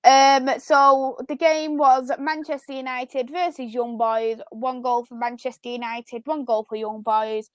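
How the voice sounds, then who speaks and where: A woman's voice: high voice, flat delivery, measured pace, hardly any pauses, no echo. A woman co-hosting a casual football chat show, running through match results and laughing often. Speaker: football podcast co-host.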